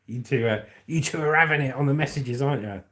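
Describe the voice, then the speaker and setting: A man's voice: medium pitch, normal speed, a bit bright. An English man hosting a livestream, reading news aloud and chatting and joking with viewers' comments. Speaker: livestream host.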